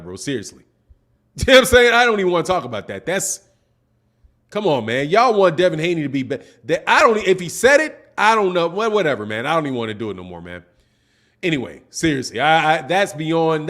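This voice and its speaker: Boxing talk-show host, male, pitched high for a man, exasperated casual livestream ranter. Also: a bit bright. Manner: exasperated, ranting, peppers sentences with "man". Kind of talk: casual livestream commentary answering chat.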